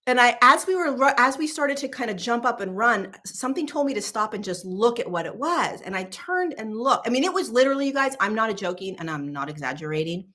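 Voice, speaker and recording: A woman spiritual teacher and host telling a casual story in an animated, emphatic, chatty way. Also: on the high side.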